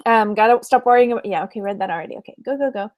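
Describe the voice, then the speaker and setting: Speaking very fast, a Texas woman with a fairly high, darkish voice hosts a livestream. She resells online, keeps the chat casual, laughs frequently, and reads out comments from viewers.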